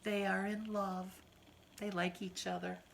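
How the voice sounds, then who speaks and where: Woman doing a calm storybook pig, matter-of-fact, plain answers, bright tone. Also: on the high side, slow pace, voice pushed up, exaggerated voice.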